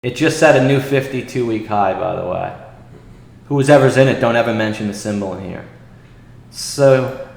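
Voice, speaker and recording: A man hosting a trading show, telling an indignant story and reading messages aloud in a lively, exasperated way. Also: mid-range voice, moderate pace, vocal fry. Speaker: day trading show host. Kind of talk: casual livestream talk. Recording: echoey room with long reverb.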